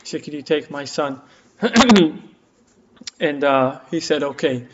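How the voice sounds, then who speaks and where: A man's voice: fairly high pitch, lively intonation, slow pace. A man teaching a class and telling a story, with many fillers and restarts, acting out the quoted lines. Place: community center classroom. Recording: dull lo-fi room recording.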